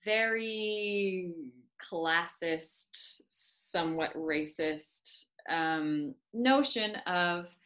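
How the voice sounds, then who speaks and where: A woman's voice: on the low side, very slow, fairly bright tone. A woman working as an accent coach, explaining her views firmly in a podcast conversation. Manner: firm, opinionated explanations.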